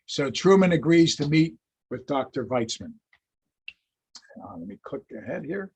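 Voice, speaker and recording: A male lecturer tells history as a lively, chatty story, with a slightly husky voice. His pitch sits a touch above the usual for a man. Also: a little slow. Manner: animated, chatty storyteller who laughs at his anecdotes.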